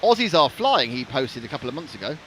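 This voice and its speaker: A man's voice: medium pitch, very animated, quick pace, a bit bright, slight background noise. A man, chatting and joking as a live racing stream commentator. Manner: chatty, jokey, rambling.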